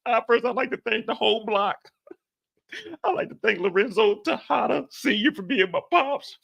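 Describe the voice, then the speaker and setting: A man voicing a cocky young man who gives a boastful thank-you speech with shout-outs. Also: very high voice, expressive, normal speed, gravelly, husky, full character voice.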